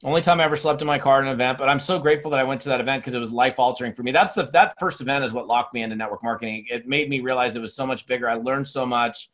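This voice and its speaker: A man in his fifties giving a motivational sales training talk, telling stories in an energetic, chatty way full of restarts. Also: medium pitch, very fast, few pauses. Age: 50s. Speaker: network marketing speaker and trainer. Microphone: webinar recording.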